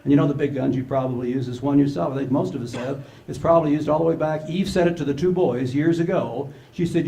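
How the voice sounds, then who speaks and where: An older man giving a humorous keynote to a conference audience, an animated storyteller who acts out the dialogue. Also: fairly high pitch, fast talker, vocal fry, few pauses. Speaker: conference speaker. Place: large conference hall with live audience. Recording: echoey conference hall.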